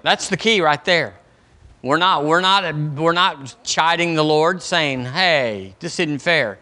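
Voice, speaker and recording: A man's voice: on the high side, slow pace, bright, forceful tone. A man preaching a sermon as pastor of a church, in a folksy, conversational way, acting out questions people ask the Lord. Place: church sanctuary.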